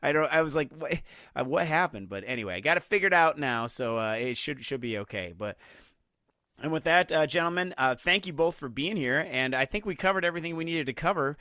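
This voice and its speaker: A man's voice: a little high, lively intonation, fairly quick, sharp tone, no echo, clean studio sound. A man hosting a casual podcast chat, rambling along with plenty of restarts and filler words. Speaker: podcast host.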